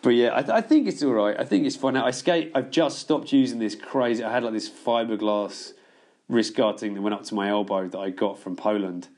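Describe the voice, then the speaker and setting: A man's voice: on the low side, brisk, a little mellow. A man telling long stories in casual podcast chat, swearing freely and laughing as he goes. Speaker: podcast guest.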